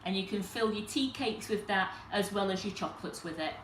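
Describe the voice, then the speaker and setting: Woman, mid pitch, talks viewers through a live cooking demo in an echoey kitchen with faint background hum. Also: fairly quick. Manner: chatty, explains step by step to viewers. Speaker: cooking demonstrator and host.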